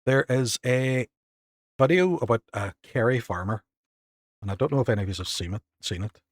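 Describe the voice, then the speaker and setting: Northern Irish male streamer, mid pitch, dry close sound, excitable and self-deprecating. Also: normal speed, dry recording. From Northern Ireland. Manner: excitable, self-mocking, reads out chat and thanks viewers. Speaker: game streamer. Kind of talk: casual live-stream chat.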